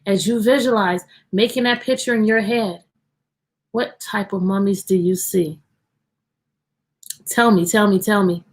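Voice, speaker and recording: A woman teacher hosting a live-streamed storytime from her computer at home, cheerfully greeting children by name. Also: medium pitch.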